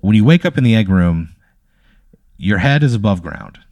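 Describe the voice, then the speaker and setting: A man's voice: fairly low pitch, lively intonation, moderate pace, darkish tone, no echo. A young man narrating a tabletop game as game master, rambling loosely and often breaking into laughter.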